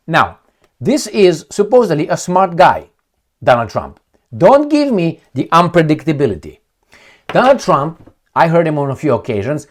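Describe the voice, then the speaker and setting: A man ranting angrily about the news, sarcastic and swearing, reading headlines aloud and picking them apart. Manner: angry, sarcastic, swearing, lively swings in pitch. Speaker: political commentator.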